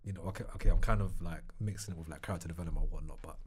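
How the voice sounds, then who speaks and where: Fast-talking man, excitable. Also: low-pitched, husky. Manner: excitable, quick slangy talk. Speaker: co-host. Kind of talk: casual chat.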